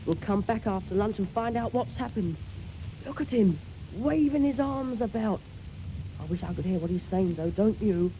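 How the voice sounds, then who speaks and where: A high, eager schoolboy voice full of boyish slang and bluster. He schemes and boasts his way through every line. It comes through a muffled old radio recording with a faint hiss. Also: lively intonation, moderate pace. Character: scruffy, boastful schoolboy, eleven-ish, always scheming. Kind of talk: 1940s radio acting.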